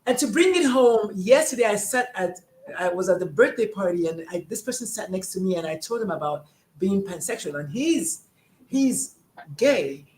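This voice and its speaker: Chatty woman podcast host, effusive, mid pitch, roomy echo. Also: lively intonation, moderate pace, darkish tone. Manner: effusive, chatty, acts out quoted dialogue. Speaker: podcast host, gender and sexuality coach. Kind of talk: casual podcast conversation.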